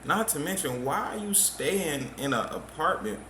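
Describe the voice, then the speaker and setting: A man's voice: on the high side, big pitch swings, normal speed. A male host giving casual commentary in a blunt, joking, slangy way. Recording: echoey room with faint noise.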